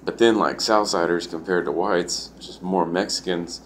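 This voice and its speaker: A man's voice: low voice, normal speed, a little hiss or hum. A man telling a story in a rambling, casual way, filling his talk with "like" and swearing. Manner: rambling, full of "like" and profanity.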